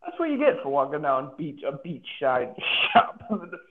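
A young man co-hosting a casual chat with friends, laid-back and halting, full of "like" fillers. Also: fairly high pitch, big pitch swings, narrow, tinny audio, a little hiss or hum. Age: young adult. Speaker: podcast co-host.

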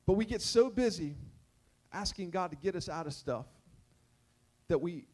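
Male preacher with a high voice, storytelling sermon, stammering repeats. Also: lively intonation, normal speed, a little mellow. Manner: storytelling with repeated words and sung snippets. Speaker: pastor.

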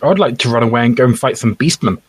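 A man's voice: medium pitch, fast, breathy edge, no room sound. A man playing a character in a tabletop game, making wry jokes. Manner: wry, joking. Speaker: player. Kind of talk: casual tabletop game chat.

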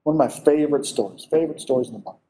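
A man delivers a sermon with a mellow, warm voice. He preaches in an animated, conversational way and keeps throwing questions at the listeners. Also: mid-range voice, very fast.

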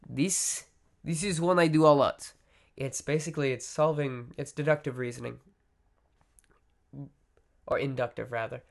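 This solo podcast host's voice is on the high side, with vocal fry, at a normal speed. Discussing mental health, he muses reflectively and conversationally, often using fillers and correcting himself.

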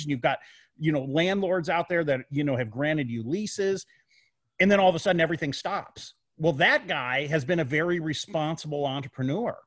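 A man's voice: fairly high pitch, dry recording. A man in a casual discussion who talks emphatically, repeats his words and piles up rhetorical questions.

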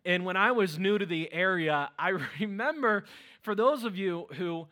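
A man with a Pittsburgh accent preaching a sermon as pastor, energetic, with loud exclamations to the congregation. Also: high voice, unhurried. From Western Pennsylvania.

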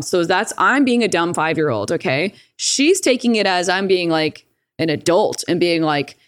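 Low-voiced woman, casual storytelling. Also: animated, normal speed, no echo, studio quality. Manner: profane, rambling, acts out quoted voices. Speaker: guest.

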